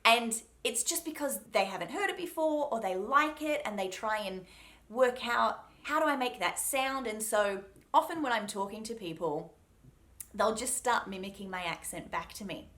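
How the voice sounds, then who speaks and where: Lively Australian woman coaching accents. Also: medium pitch, normal speed. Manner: lively, chatty and encouraging, laughs often. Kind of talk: accent tutorial to camera.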